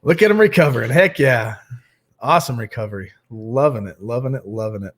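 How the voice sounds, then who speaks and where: A man's voice: medium pitch, lively intonation, fairly quick. A young man hosting a nightly recovery livestream, chatting casually and greeting viewers by name.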